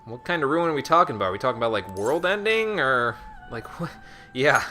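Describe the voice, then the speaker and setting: Over game music, a man riffs through a relaxed let's-play, mocking the characters with sarcastic humor as he goes. He has a mid-range, sing-song voice with a sharp edge and talks a little fast.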